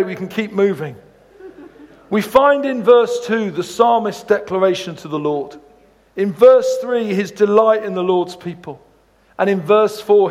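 A man's voice: high voice, in a large hall. Chatty man preaching with jokes. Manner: jokey, storytelling, animated asides. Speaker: guest preacher. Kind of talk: sermon with humorous anecdotes.

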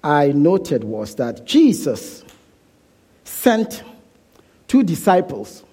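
A preacher delivers his sermon at an unhurried pace, his voice husky and mellow. His pitch moves freely as he stresses key points and repeats phrases for weight. In prayer he sinks to a quiet hush. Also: very animated. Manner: soft, hushed prayer.

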